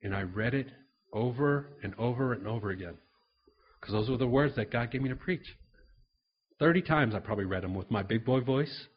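A man's voice: medium pitch, normal speed, lo-fi sound, slight background noise. A man preaching a sermon, telling personal stories in an earnest way, repeating words and acting out conversations. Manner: earnest storytelling, repeats words, acts out dialogue.

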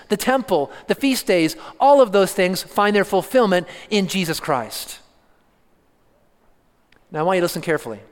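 Earnest high-voiced male preacher in a reverberant hall. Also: clear, resonant tone. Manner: earnest, deliberate, emphatic teaching with repetition. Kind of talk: sermon.

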